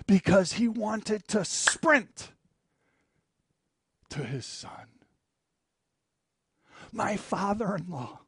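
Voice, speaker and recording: A man preaching a sermon as pastor, swinging between loud emphatic lines and hushed, low passages. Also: animated, very slow, pauses often, husky, dry recording, clean studio sound.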